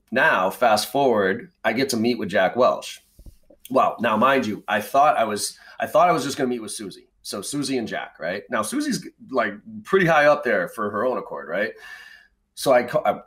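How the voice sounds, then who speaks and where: A man's voice: lowish voice, fairly bright tone. A middle-aged man from the Boston area, a sales trainer telling stories as a podcast guest in a blunt, conversational way, swearing freely. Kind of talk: casual storytelling in a podcast interview.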